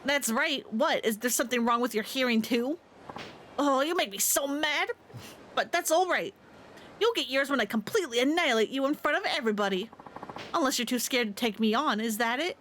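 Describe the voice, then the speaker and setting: A haughty young female idol sneers and boasts in a raised, bossy voice, put on by a woman reading game dialogue aloud. She talks down to everyone, loud and snide, a touch high in pitch, with faint noise under the recording. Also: lively intonation, a little fast. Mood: scornful.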